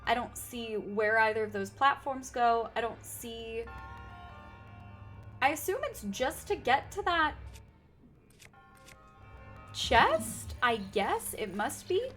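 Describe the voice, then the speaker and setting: A woman's voice: a little high, lively intonation, slow, long pauses, a bit bright, faint music behind. A woman streaming a game, chatting casually with her viewers and thinking aloud, nursing a slightly sore throat. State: sore throat, sipping tea. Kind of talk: casual game livestream chat.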